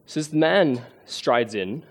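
A man, giving a sermon in an earnest, self-deprecating way, often pausing with fillers. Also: medium pitch, lively intonation. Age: 20s. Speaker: lay preacher.

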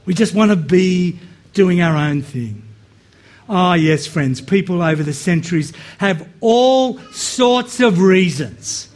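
A man with a high, light voice delivers a sermon. He speaks slowly and with emphasis, then breaks into quick, animated asides before settling back into a steady preaching rhythm.

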